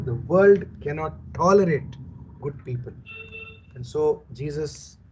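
A man's voice: a little high, a little mellow, highs cut off, a little hiss or hum. A man preaching a Bible teaching sermon, emphatic and repetitive, often asking his listeners rhetorical questions.

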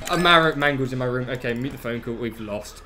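A young man streaming a video game, rattling off his controls under his breath and breaking into panicked shouts. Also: mid-range voice, lo-fi sound. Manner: rapid muttered narration of controls, bursts of panicked shouting. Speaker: gameplay streamer. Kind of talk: let's play commentary.

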